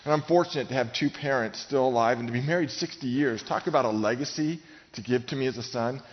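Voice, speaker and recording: A man's voice: mid-range voice, fast talker. A middle-aged male pastor preaching a sermon in a large gym, speaking emphatically and directly to his congregation. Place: large gym used for church services. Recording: long hall reverb, dull sound.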